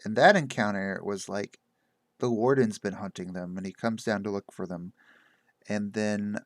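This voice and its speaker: A man's voice: lowish voice, moderate pace, no room sound, studio quality. A man casually recounting a game session he ran as game master, in a meandering way full of fillers. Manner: meandering, loose, lots of "like" and "uh". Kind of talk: casual rambling monologue.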